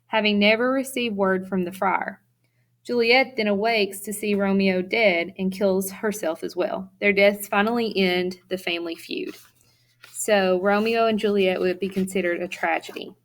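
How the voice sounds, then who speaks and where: A woman's voice: mid-range voice, steady tone, moderate pace. A woman teacher giving a recorded classroom lecture, reading her notes aloud steadily with the odd filler.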